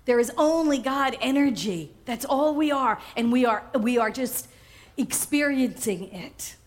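A woman minister preaching a sermon, animated and often laughing, repeating phrases for emphasis. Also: sits high, unhurried. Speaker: spiritual minister.

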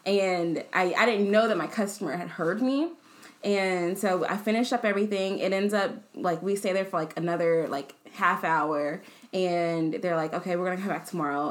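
A young woman telling a personal story in a casual chat, rambling with lots of fillers and self-corrections. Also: on the low side.

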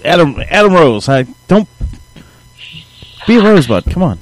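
Animated man steering a podcast chat. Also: on the high side, moderate pace, low-quality recording. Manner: joking, steers the topics. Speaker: podcast host. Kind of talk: casual wrestling chat.

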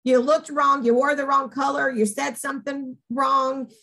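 A woman with a Southern accent, co-hosting a casual talk show and telling stories in an animated, rambling way. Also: high voice, normal speed, rough recording. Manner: animated, upbeat, rambling storyteller. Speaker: podcast co-host, organization co-founder. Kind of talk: casual chat.

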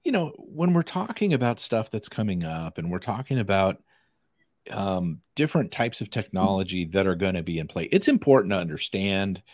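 A man with a low voice that swings widely as he chats on a podcast, acting out little bits of dialogue as he tells a story. The sound is dry and close, with no room echo. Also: moderate pace. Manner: animated, acts out quoted dialogue. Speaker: podcast co-host. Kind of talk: casual chat.

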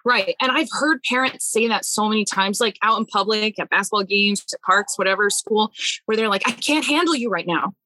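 A young adult woman hosting a casual family conversation podcast, talking in an earnest, animated way and thinking aloud with lots of "like"s. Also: mid-range voice, normal speed, no echo. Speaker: podcast host.

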